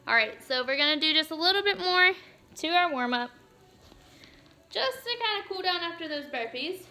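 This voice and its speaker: A woman leading a warm-up workout as a fitness instructor, upbeat and encouraging, reading a rhyme in a slow, steady cadence. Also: very high-pitched.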